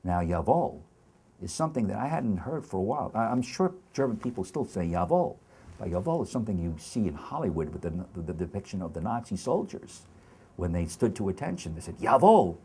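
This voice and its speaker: An older man giving an oral history interview, speaking in a halting, reflective way with many restarts. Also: deep voice, animated, warm tone, husky.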